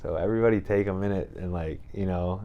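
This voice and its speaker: Low voiced guy on a podcast, rambly, lots of you know and right, acts out the other guys lines. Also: fast, dull audio. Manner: acts out other people's lines when retelling. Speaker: podcast guest. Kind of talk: casual storytelling chat.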